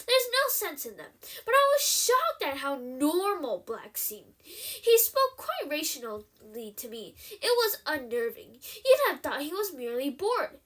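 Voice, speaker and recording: A woman reading aloud, voicing a middle-aged male minister who tells a grim story in a solemn, halting way. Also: high voice, very animated, a bit bright, full character voice. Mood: grave.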